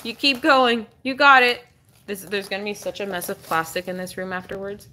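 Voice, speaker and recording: Bright-voiced young woman cooing at her dog. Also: steady tone, normal speed. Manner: cooing and encouraging, swings high when praising. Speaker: dog owner hosting a livestream. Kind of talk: casual livestream chat.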